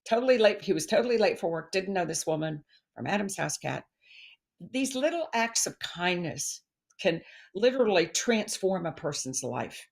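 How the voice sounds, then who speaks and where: A middle-aged woman, a guest expert on stress, chatting in an interview and telling stories with animated quoted voices. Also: on the low side, normal speed, gravelly, breathy edge. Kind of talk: casual interview chat.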